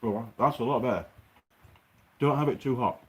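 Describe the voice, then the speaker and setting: A man's voice: mid-range voice, normal speed. Chatty male host on a workshop livestream, reads out comments. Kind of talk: casual livestream chat.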